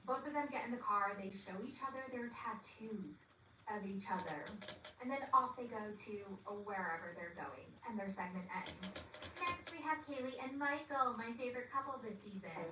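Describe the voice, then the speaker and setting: A woman's voice: fairly high pitch, lively intonation, moderate pace, far from the mic. Chatty sarcastic woman recapping a show. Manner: chatty, sarcastic, dramatic asides. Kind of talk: casual recap commentary. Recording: echoey room, voice set back from the mic, faint hiss.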